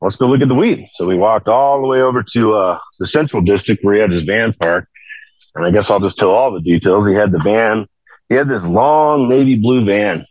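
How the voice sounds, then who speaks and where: A man's voice: on the low side, normal speed, no echo, lo-fi sound. A man telling a long, rambling story in casual conversation, full of fillers and restarts. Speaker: podcast guest telling stories.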